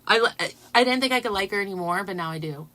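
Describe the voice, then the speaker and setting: Bright-voiced excitable woman host. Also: mid-range voice, quick pace. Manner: excitable, laughing, talks to viewers. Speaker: channel host. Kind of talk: casual livestream chat.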